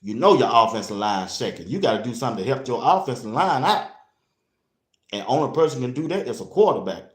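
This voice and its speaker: Blunt, animated man talking sports. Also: medium pitch, quick pace. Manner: animated and blunt, talks straight to the audience. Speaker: sports talk show host. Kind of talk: casual sports commentary. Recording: roomy echo.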